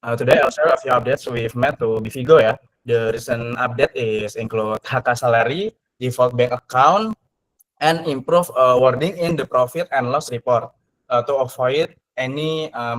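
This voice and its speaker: A man's voice: medium pitch, normal speed. Man presenting updates, tagging lines with "ya". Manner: tags sentences with "ya", many fillers. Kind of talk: casual screen-share presentation. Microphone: video call.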